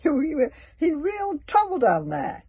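A tiny, cute dragon pipes up in a high squeaky voice, as a woman puts him on, stumbling over his words with wide-eyed innocence. He stammers, trying to sound blameless, his pitch leaping about. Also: huge pitch swings, measured pace, warm tone, heavily acted. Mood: guilty. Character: small cute mischievous male dragon, guilty.

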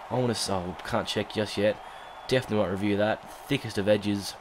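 Congested Australian gamer, low voice. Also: male voice, brisk, a little hiss or hum. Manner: chatty, rambling with fillers, bursts into excited shouts at big moments. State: congested with a cold. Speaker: gaming YouTuber. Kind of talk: casual let's-play commentary.

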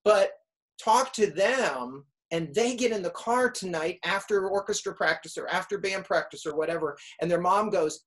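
Middle-aged teacher guy talking to students, acts out what kids say, pretty lively. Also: high voice, moderate pace, poor audio. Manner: lively, animated storyteller acting out students. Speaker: music teacher and speaker. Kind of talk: casual advice talk.

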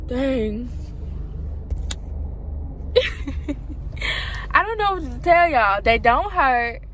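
A woman's voice: high voice, extremely slow, a little hiss or hum, low-quality recording. Chatty woman vlogging from her car. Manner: chatty, animated, speaking around new braces. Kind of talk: casual vlog chat. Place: parked car. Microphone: phone propped up.

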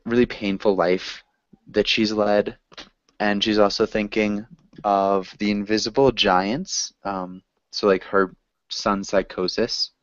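A man's voice: on the low side, dry recording. A man teaching a reading class, explaining a story in a casual, hesitant way with many fillers. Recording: dull lo-fi recording.

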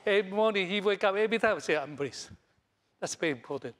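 A middle-aged man from Taiwan, a Taiwanese native speaker, preaching a sermon in broken English full of repeats and fillers, swinging between loud high bursts and soft low lines. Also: fast talker. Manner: animated, jumps between loud highs and soft lows. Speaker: pastor.

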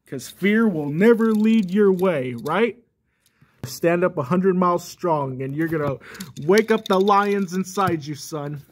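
A man's voice: high voice, measured pace. A man voicing a preachy father who lectures his son and keeps calling him "son.". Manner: repeats "son" constantly, lecturing.

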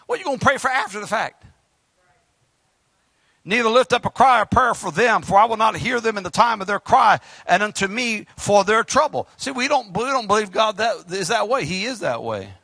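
A man preaching a fiery sermon, swinging between sudden shouts and hushed asides. His voice is high and bright, rising and falling widely. The sound is dry and close. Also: expressive, normal speed, vocal fry, breathy edge, no echo. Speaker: pastor.

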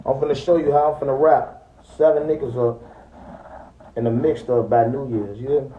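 A man's voice: medium pitch, phone-quality sound, slight background noise. A young man in a boastful, threatening trash-talking rant aimed at rivals. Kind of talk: taunting rant to viewers.

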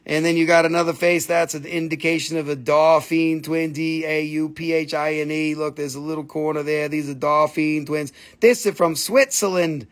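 A slightly high-voiced man runs a live crystal sale. His chat is casual and full of jokes and crude asides, and he croons over the stones as he shows them. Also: fairly even intonation, moderate pace, hardly any pauses. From Appalachian Valley, United States. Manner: joking, crude asides, sing-song crooning. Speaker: live stream crystal seller.

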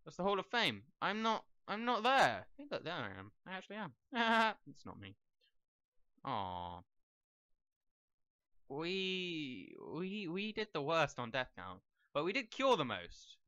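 Young guy chatting over a game, bouncy pitch, bright voice, dry close sound. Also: huge pitch swings, slow, clean tone, no echo, lo-fi sound. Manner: rambling, talks to the game characters. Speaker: let's play gamer. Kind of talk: casual gameplay commentary.

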